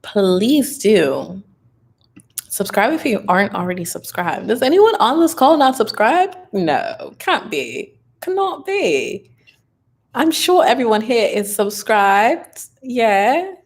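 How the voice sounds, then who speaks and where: A woman's voice: medium pitch, very animated, takes it slowly. A young woman casually chatting on a livestream Q&A, upbeat and advice-giving, a bit tired and loopy, with plenty of fillers. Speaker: online business content creator hosting a live Q&A.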